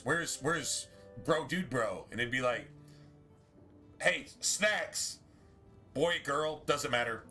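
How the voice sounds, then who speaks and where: A man's voice: medium pitch, pushed and bright. A man streaming a video game, chatting casually in a rambling way, full of restarts and asides. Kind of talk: casual chat while streaming gameplay.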